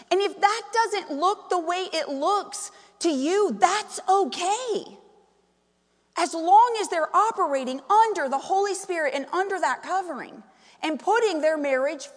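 A woman preaching a sermon, animated and full of questions to the congregation. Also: very high-pitched, in a large hall. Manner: animated, asks the crowd many questions. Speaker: pastor's wife preaching.

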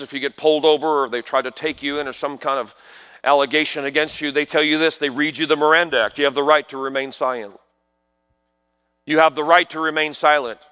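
A middle-aged man preaching a sermon, swinging from hushed asides to loud proclamations and asking the congregation questions. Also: fairly high pitch, clean tone. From New York. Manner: peppers talk with rhetorical questions to the congregation.

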